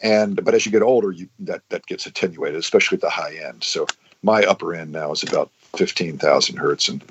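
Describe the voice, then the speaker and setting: A man's voice: low-pitched, brisk, highs cut off, slight background noise. A man explaining science in casual podcast chat, with frequent restarts and fillers.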